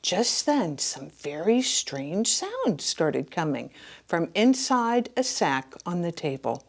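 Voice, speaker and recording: Children's librarian, middle-aged woman, unhurried and lively storytime reader who drops to whispers. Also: fairly low pitch, breathy edge. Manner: animated, slipping into hushed whispers and gasps. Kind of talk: reading a picture book aloud to children.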